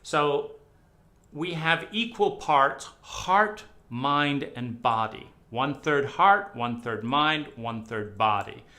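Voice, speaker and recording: A man giving a slow, sarcastic talk, with sudden emphatic bursts between deliberate phrases. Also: medium pitch, lively intonation. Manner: sarcastic, mocking with dramatic swings in loudness. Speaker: speaker on psychedelics. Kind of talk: lecture-style monologue.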